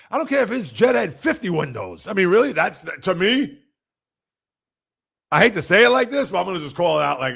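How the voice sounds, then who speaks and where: A man hosts a casual sports livestream in a raised, gravelly voice. He rambles and fires off rhetorical, exasperated questions. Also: sits high, big pitch swings, a little fast, a bit bright.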